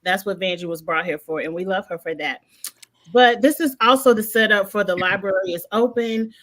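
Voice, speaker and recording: A woman's voice: mid-range voice, fairly quick. A woman hosting a review panel, chatting casually and moving the talk along. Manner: relaxed, conversational, steers the topics. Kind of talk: casual chat.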